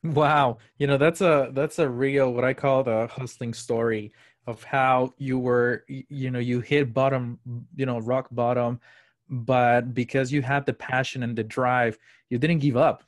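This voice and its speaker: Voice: mid-range voice, level tone, a little slow, no echo, studio quality. A podcast host interviewing a guest, encouraging and often repeating words and saying you know.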